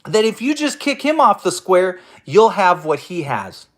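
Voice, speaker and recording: A man with a noticeably high-pitched voice rants at his listeners as host of his own show. He swears constantly, talks in a confrontational tone and keeps stumbling into restarts. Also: very animated, measured pace, a bit bright. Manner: profane, confrontational, stammering restarts. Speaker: host of an online audio room show. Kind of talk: angry ranting monologue.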